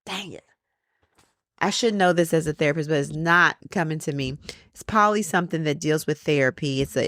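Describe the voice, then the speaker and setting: A woman therapist co-hosting a casual talk show, telling stories with lively acted-out quotes. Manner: animated storyteller, acts out quotes with big pitch jumps. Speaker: therapist and co-host. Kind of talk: casual storytelling chat.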